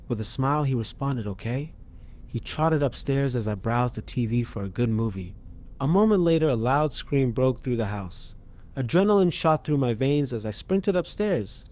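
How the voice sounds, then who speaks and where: Man narrating a dark horror tale. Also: medium pitch, animated, normal speed. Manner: tense, dramatic reading. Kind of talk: first-person horror story narration.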